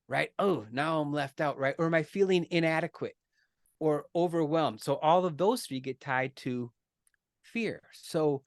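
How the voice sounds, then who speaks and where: A man's voice: a little high, no room sound, studio quality. Earnest man who keeps asking "right?". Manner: earnest, repeats "right?" often, restarts words. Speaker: podcast guest, coach. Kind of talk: conversational explanation.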